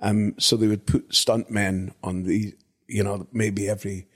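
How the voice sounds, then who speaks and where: An older man from Britain with a husky, somewhat low voice, recounting stories from his film work. He rambles as he goes and leans on "you know" to keep the thread. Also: little pitch movement, unhurried. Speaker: actor guest. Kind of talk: anecdotal storytelling.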